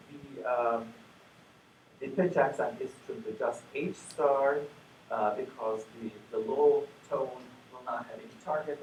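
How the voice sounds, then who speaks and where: Male lecturer, plenary talk, filler-heavy delivery, mid pitch, picked up far off in a reverberant room. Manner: measured, many fillers and restarts. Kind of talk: academic conference lecture. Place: lecture hall. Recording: echoey hall from far off with noise.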